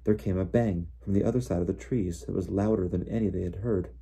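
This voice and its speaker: A man reading a novel aloud in steady storybook narration. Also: low voice, brisk, slightly rough. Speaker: audiobook reader.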